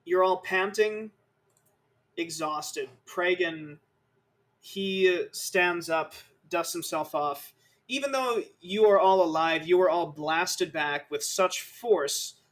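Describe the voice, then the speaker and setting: A man narrating a tabletop game as game master, slow and dramatic in his descriptions. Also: high-pitched, a bit bright.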